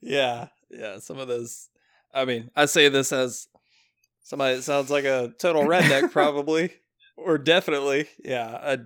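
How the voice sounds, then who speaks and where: A man's voice: medium pitch, fairly even intonation, moderate pace, a bit bright. A man co-hosting a casual podcast chat in a laid-back, teasing way. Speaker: podcast co-host.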